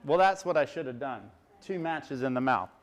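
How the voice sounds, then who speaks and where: A man's voice: medium pitch, animated, moderate pace. A middle-aged man, a chef, giving a chatty cooking demonstration and explaining each step as he works. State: teary from onions.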